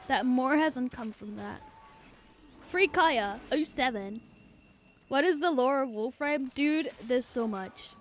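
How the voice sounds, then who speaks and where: A young woman streamer chats casually from a home setup. She talks in a high, bright register, unhurried between her excitable bursts. Her talk is loose, profane and full of laughter. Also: slight background noise. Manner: excitable, swearing, laughing often.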